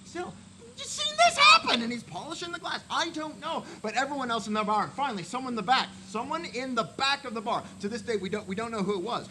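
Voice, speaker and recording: A man telling a long comic story, rambling and repeating himself, building up to excited shouting. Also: very high-pitched, fast, few pauses, a little hiss or hum. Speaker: comic storyteller in a band show. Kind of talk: comic shaggy-dog storytelling.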